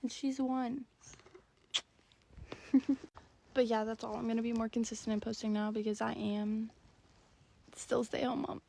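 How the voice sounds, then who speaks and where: Young woman around 20 for a chatty, giggly storytime; a raspy fry runs through the voice. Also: on the high side, little pitch movement, a little slow, long pauses, mellow, slight background noise. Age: about 20. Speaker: stay-at-home mom. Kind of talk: casual storytime.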